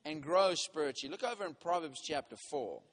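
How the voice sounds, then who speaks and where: A man preaching a sermon as a minister, reading scripture slowly and telling a story that grows loud and heated as he gets worked up. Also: a little high. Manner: animated storytelling, voice rising sharply when worked up; reads scripture slowly and deliberately.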